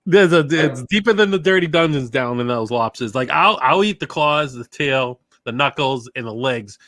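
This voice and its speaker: A man's voice: medium pitch, lively intonation, moderate pace, a bit bright. A man hosting a casual livestream chat on a video call, talking animatedly and laughing often. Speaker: host.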